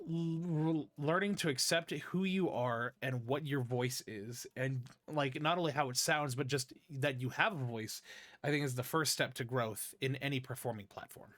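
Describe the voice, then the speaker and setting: A man hosting a casual interview, telling stories with animation and humming bits of songs, with a slight lisp and a tired voice. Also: medium pitch. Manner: animated storyteller, hums song snippets. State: tired, strained voice. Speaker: podcast host and voice actor.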